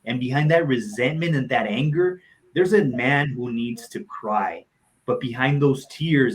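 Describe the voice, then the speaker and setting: A man's voice: medium pitch, normal speed, rough recording. A man, a motivational speaker and coach, telling personal stories on a live talk show in a heartfelt, earnest way and repeating phrases for emphasis.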